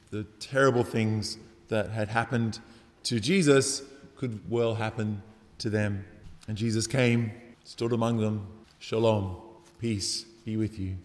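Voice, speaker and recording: Guy giving a sermon, chatty and thoughtful, lots of questions, big echoey church hall. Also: lowish voice. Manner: reflective, conversational preaching with rhetorical questions. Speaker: preacher. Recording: long reverb of a large hall.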